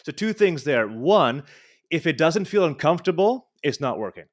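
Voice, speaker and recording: A man's voice: on the high side, very animated, moderate pace. A man answering as a guest speech coach in an interview, talking in an emphatic, coaching tone.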